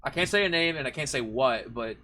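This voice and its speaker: A man chatting casually on a live stream about writing his band's lyrics, halting and restarting often. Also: medium pitch, lively intonation, sharp tone. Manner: halting, full of restarts and fillers. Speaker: band member, lyricist.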